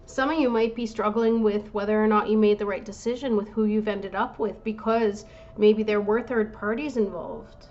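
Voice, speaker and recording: Gentle woman giving a tarot reading. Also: medium pitch, steady tone, moderate pace, muffled recording. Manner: gentle, reassuring, self-interrupting with apologies. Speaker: tarot reader.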